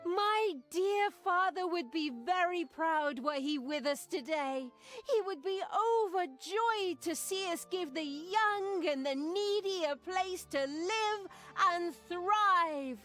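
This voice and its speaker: A gleeful evil dark elf. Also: female voice, very high-pitched, slow pace, heavily acted. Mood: sweet, solemn. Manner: sweet speech turning into villainous gloating. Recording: game audio with music behind.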